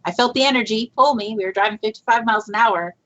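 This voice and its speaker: A woman's voice: on the high side, quick pace, a bit bright. Chatty woman on a lo-fi podcast. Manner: chatty, rambling with fillers and laughs. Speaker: guest Bigfoot researcher. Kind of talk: casual storytelling in a podcast interview. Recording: lo-fi muffled audio.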